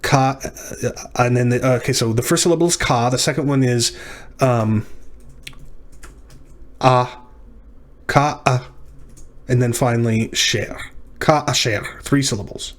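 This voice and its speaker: A male teacher working through practice exercises in a recorded lecture, thinking aloud with pauses and self-corrections. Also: medium pitch, fairly even intonation.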